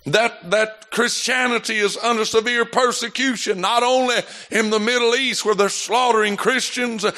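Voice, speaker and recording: A male pastor preaching a fervent sermon, building with rhetorical questions and rising shouts. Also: very high voice.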